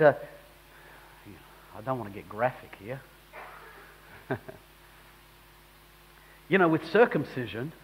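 A man's voice: on the high side, husky, highs cut off. A man preaching a sermon in a conversational way that rises into emphatic bursts.

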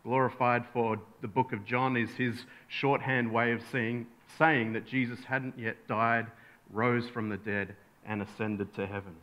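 A man's voice: medium pitch, fairly even intonation, a little slow, fairly bright tone. A male pastor preaching a sermon, telling a bedtime story and acting out the voices in it. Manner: storytelling, acts out voices in anecdotes.

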